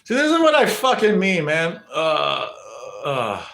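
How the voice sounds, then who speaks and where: A man's voice: on the high side, wildly swooping pitch, measured pace, gravelly, fairly bright tone, roomy sound. Rambling, cursing young male streamer. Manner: rambling, profane, full of fillers and restarts. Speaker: livestreamer. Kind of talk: casual live-stream chat with viewers.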